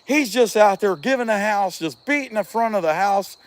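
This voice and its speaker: A chainsaw carver from Southeast Ohio hosts a livestream while he works, chatting loosely in a fairly high voice. Animated and moderately paced, he rambles in a folksy manner, telling stories and reading viewer comments as they arrive.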